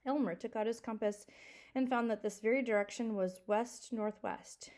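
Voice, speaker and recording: A woman teacher reading a children's book aloud to a second-grade class, expressive and asking the class questions. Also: a little high, normal speed.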